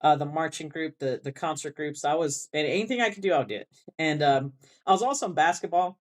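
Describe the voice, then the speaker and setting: A woman's voice: sits low, quick pace. A woman band director with a South Texas Rio Grande Valley accent, chatting as an interview guest. She rambles with many restarts and laughs often. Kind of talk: casual interview chat.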